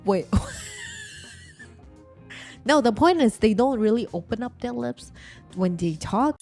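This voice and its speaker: A woman's voice: a little high, expressive, slow pace, darkish tone, faint music behind. A young woman talking straight to her viewers in a chatty, slangy commentary vlog. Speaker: vlogger.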